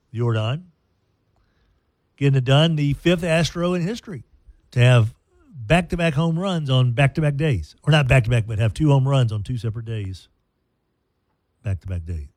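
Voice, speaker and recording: A man's voice: mid-range voice, expressive, moderate pace, long pauses, a little mellow, dry recording. Male sports radio host, easygoing and jokey, rambling delivery, dry close sound. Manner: rambling, self-deprecating, jokey. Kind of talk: casual sports radio chat.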